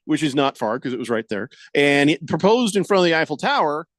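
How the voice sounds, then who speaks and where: On a studio microphone with no room sound, a man hosting a radio talk show spins stories in casual banter, animatedly acting out the people he quotes. His voice is on the high side and a little fast.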